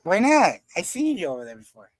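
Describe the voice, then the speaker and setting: A man's voice: high voice, huge pitch swings, brisk, dry recording, clean studio sound. A man hosting a casual live panel, rambling and groping for names as he talks. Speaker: livestream panel host. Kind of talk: casual chat.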